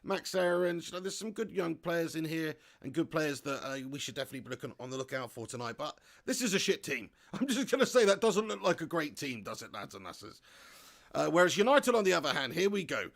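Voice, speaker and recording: This young man runs a live football watch-along, reading comments from viewers aloud while he chats with excitement, frequently laughing and swearing casually. His slightly high voice is creaky, and his pace is brisk.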